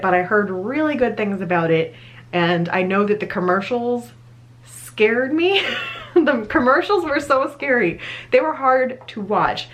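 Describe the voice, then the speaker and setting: A woman's voice: medium pitch, a bit bright. A woman in her thirties chatting enthusiastically to her viewers as a vlogger, laughing now and then. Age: 30s. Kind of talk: casual chat to camera.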